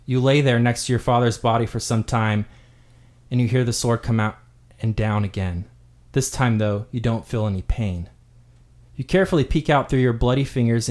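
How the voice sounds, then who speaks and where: A male game master telling a dark fantasy backstory. His voice sits at a middle pitch, and he narrates steadily, building drama.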